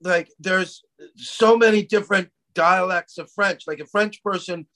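Rambling Canadian-raised man, slightly high voice. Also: fairly even intonation, measured pace, sharp tone. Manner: rambling, laughing, swears and says "man" a lot. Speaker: podcast co-host. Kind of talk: casual chat.

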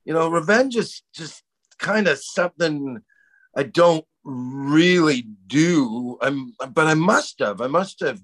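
Taking it slowly, this podcast co-host speaks in an expressive, slightly bright voice on the high side. He's a middle-aged man from Canada who rambles in casual chat, laughs often, and peppers his talk with swearing and "man."

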